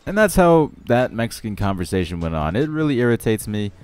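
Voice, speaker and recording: A man's voice: on the low side, very animated, a little fast, a little mellow, clean tone. A young man telling a story over game footage in a sarcastic, exasperated rant. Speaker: channel host.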